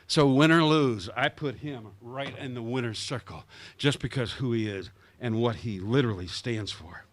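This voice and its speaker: A man from Iowa giving a lively guest speech at a club meeting, acting out the people he quotes. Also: medium pitch, normal speed. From Iowa, USA. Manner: animated, acts out the people he quotes. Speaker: guest speaker. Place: country club meeting room.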